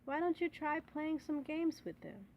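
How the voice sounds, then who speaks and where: A woman reading a storybook, voicing a patient mother frog in a gentle, soothing way. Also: high voice, expressive, measured pace, dull audio, a little hiss or hum, pitched above the performer's own voice.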